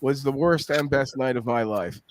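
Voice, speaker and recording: A man in his fifties hosting a casual chat, telling stories loudly and swearing freely. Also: mid-range voice, moderate pace. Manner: profane, boisterous storyteller. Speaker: podcast host.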